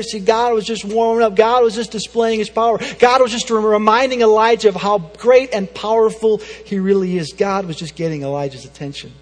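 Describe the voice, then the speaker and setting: High-voiced earnest preacher, echoing hall. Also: male voice, fairly quick, hardly any pauses. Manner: earnest, repeats rhetorical questions, speeds up when pressing a point. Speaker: pastor. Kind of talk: sermon. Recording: reverberant hall with soft music.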